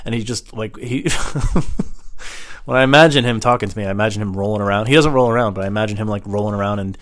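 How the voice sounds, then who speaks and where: A man's voice: on the low side, fast talker. A man hosting a comedy show, telling a casual, rambling and self-deprecating comic monologue.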